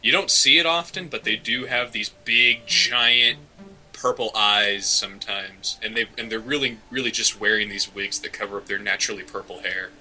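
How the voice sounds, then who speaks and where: A man's voice: fairly low pitch, fairly even intonation, moderate pace, sharp tone, rough recording. A man co-hosting a casual comedic talk show, joking sarcastically with his partner. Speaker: podcast co-host. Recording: faint music bed underneath.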